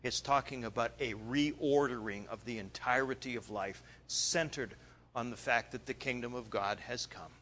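A male preacher retelling a story in a sermon, animated, swinging between loud bursts and quiet asides. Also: mid-range voice, moderate pace.

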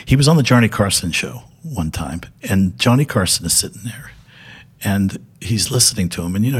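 Here a fairly low-pitched, breathy male voice belongs to an older television director. He rambles through casual anecdotes as a guest, restarting often, padding with fillers, and frequently laughing.

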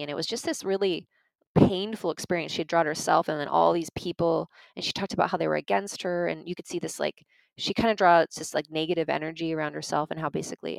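A woman with a low, fry-laden voice gives an informal teaching talk on parenting and emotions. She is earnest and conversational, telling stories and addressing her listeners directly as "you guys." The recording is dry and low in quality.

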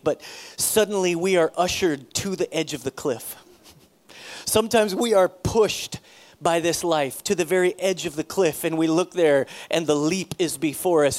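A middle-aged man, a pastor, telling a personal story in a sermon, acting out the dialogue with sudden loud bursts. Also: fairly high pitch.

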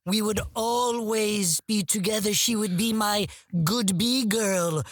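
A man doing a breathy, theatrical impression of a self-pitying older male actor, plaintive and full of wounded pride. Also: sits high, slow, fairly bright tone, no room sound, clean studio sound, exaggerated voice. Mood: earnest.

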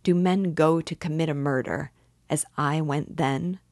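A woman's voice: sits low, a little slow, a little mellow, no echo, studio quality. A woman reading the part of a feverish, tormented young man in an intense confessional monologue, as an audiobook reading. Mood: anguished.

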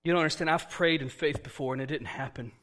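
Male pastor preaching to his church, lively, acts out scenes, high and bright voice. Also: fast. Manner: animated, acts out dialogue, laughs often. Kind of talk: sermon.

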